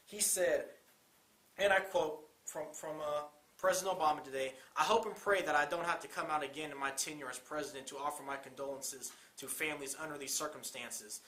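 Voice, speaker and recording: A man's voice: on the high side, fairly quick, pushed and bright. Young man ranting on an echoey mic. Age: young adult. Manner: urgent, repetitive, rising to pleading. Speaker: co-host. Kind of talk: impassioned commentary.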